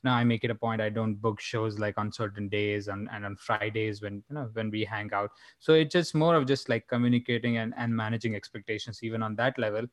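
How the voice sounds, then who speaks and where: A man's voice: fairly low pitch, fairly even intonation, a little fast, hardly any pauses, no echo. A young man from India, a stand-up comedian talking casually as a podcast guest, rambling with many fillers and restarts. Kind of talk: casual chat.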